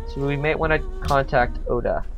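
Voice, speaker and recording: A man's voice: mid-range voice, fairly even intonation, moderate pace, creaky, muffled recording, faint music behind. A man giving casual let's-play commentary on a strategy game, thinking aloud with frequent hesitations.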